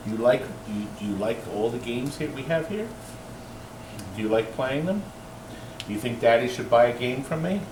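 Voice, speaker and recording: A man's voice: mid-range voice, expressive, moderate pace, echoey room, background noise. A man hosting a casual, joking video from his arcade game shop, teasing his guests and staff with playful outbursts. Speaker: host of a pinball shop channel. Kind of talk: casual joking chat on camera.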